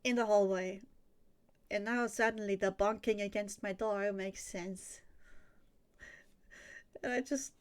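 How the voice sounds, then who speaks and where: A woman's voice: medium pitch, steady tone, slow pace, long pauses, smooth. Young woman streamer rambling while she draws, lots of giggles, swears a bunch. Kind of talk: casual livestream chat while drawing.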